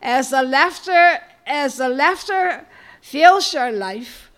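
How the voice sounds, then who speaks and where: A woman preaching a sermon, calling out praise and telling family stories. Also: high voice. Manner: exhorting, rising to loud praise calls; storytelling with family anecdotes.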